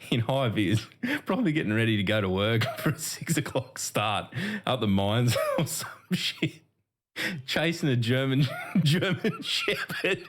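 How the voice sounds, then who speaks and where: With a medium-pitched, slightly bright voice, this Australian co-host chats about games on a podcast. He curses without restraint and keeps laughing as he tells his stories.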